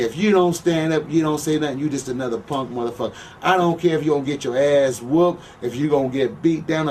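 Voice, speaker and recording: A man's voice: mid-range voice, darkish tone. Brash, swearing man on a distant mic. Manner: brash and boastful, swears freely, keeps asking "you know what I'm saying?". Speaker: former pro wrestler, interview guest. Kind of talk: profane shoot-interview storytelling. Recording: distant mic with faint background noise.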